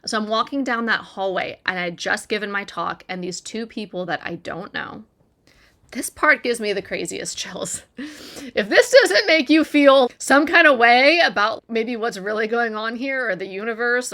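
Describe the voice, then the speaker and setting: Woman sharing her story, bright clear voice, earnest and chatty, says like a lot. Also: medium pitch. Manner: earnest, conversational, frequent "like" and "right?". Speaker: recovery content creator. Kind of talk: personal storytelling to camera.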